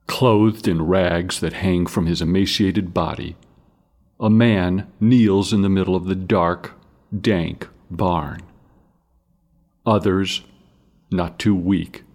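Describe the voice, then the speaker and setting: Deep, slow male story narrator. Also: darkish tone. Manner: grave, measured reading.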